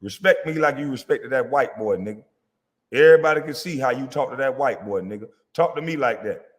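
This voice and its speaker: A man's voice: mid-range voice, lively intonation, fairly quick, long reverb tail. A man, a former basketball player, delivering a heated, profane, confrontational rant at a critic. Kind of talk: angry rant.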